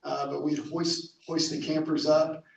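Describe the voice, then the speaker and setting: A man working as a camp director, telling a story at a club meeting with halting restarts, heard from a distance in an echoey room. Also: on the high side, flat delivery, vocal fry. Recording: echoey hall, distant mic, faint noise.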